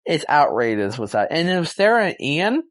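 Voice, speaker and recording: Young male vlogger, slightly high voice, rambling excited movie review, slangy and loose. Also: normal speed.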